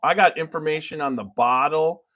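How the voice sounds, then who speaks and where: A man's voice: a little high, moderate pace, fairly bright tone. A man hosting a casual bourbon tasting chat, telling stories in a loose, rambling way. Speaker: whiskey reviewer, show host.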